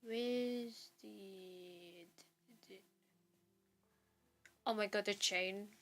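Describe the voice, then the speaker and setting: A woman's voice: medium pitch, very slow, a bit bright. A young woman chatting casually as she draws, rambling and trailing off mid-thought. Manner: rambling, self-interrupting, trails off. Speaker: artist streamer. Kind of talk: casual chat while drawing. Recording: faint background music.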